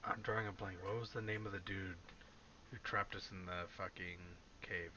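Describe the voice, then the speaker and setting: A man's voice: sits low, steady tone, moderate pace, bright, forceful tone, highs cut off, a little hiss or hum. A man who plays in a tabletop game, chatting bluntly and swearing casually. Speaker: player.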